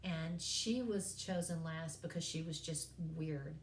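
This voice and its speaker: A woman's voice: deep voice, measured pace, slight background noise. Folksy woman telling classroom stories. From East Tennessee, USA. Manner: folksy storytelling, self-deprecating humor. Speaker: college English teacher. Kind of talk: recorded course lecture. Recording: echoey room.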